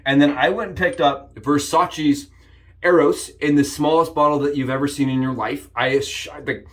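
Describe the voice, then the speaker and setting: A man hosting a casual shaving vlog, upbeat and jokey, rambling with frequent restarts and sudden excited jumps in pitch. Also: normal speed. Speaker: shaving channel host. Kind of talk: casual shave demonstration vlog.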